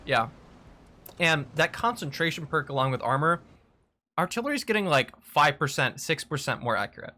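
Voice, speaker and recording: A man's voice: a little high, expressive, normal speed, sharp tone. A man hosting a casual gaming chat, agreeable and muttering to himself as he plays. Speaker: gaming video host.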